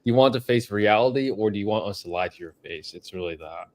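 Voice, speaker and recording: A man's voice: fairly low pitch, expressive, quick pace, a little mellow. A man co-hosting a podcast, joking in a cocky way and stumbling over his words. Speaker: podcast co-host. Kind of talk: casual chat.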